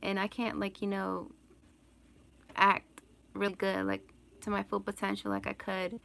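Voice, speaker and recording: A woman's voice: mid-range voice, level tone, a little slow, creaky, a bit bright. A woman vlogger chatting casually on a live stream and answering viewer questions, rambling and laughing often. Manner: rambling, laughs often, lots of "like" and "you know".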